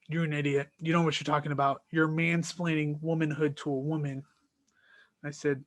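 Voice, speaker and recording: Man retelling a heated argument, slightly high voice. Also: no echo. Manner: animated, exasperated retelling of an argument; quotes both sides of a dialogue in his own voice. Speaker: podcast host. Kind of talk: casual storytelling monologue.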